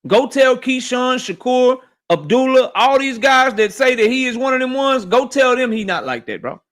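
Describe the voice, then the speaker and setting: Bright-voiced man ranting on a boxing livestream. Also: very high-pitched. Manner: animated, profane, rapid rants reading chat. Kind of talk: casual livestream commentary.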